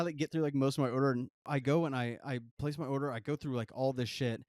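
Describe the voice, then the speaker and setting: A man's voice: mid-range voice, fairly even intonation, quick pace, darkish tone, no echo, clean studio sound. A man co-hosting a podcast, telling a rambling, profane travel story full of fillers. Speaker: podcast co-host. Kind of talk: casual storytelling.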